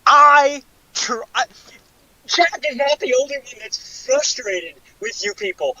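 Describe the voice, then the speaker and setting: A man with a high voice speaks slowly in a frustrated wrestling promo, sounding exasperated and disbelieving. The audio is dull and lo-fi, and the sound is dry and close. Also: lively intonation, gravelly, pushed and bright. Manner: slow, exasperated, incredulous.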